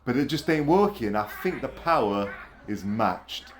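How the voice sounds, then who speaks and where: Male wrestling play-by-play caller, mid-pitched, shouty and slangy. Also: animated, measured pace, a little hiss or hum. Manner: shouty exclamations, slangy, laughs often. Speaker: wrestling commentator. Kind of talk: excitable play-by-play commentary.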